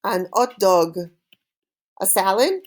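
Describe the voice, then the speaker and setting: In a recorded online language lesson, a woman teaches French vocabulary with a lively pitch that rises and falls. She pronounces each word slowly, pauses for students to repeat, and cheerfully praises them.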